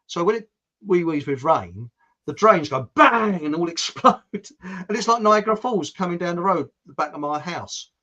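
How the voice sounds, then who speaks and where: A man from England chats casually, spinning anecdotes and breaking into laughter as he goes. His voice sits fairly high for a man. Now and then he slips into mock accents. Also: lively intonation, normal speed, pushed and bright, dull audio. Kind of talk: casual chat. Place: home.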